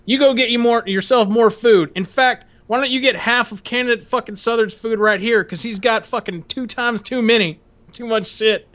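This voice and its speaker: A man putting on a harsh, profane Marine drill instructor who shouts commands. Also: extremely high pitch, steady tone, normal speed, pitched above the performer's own voice. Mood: mocking.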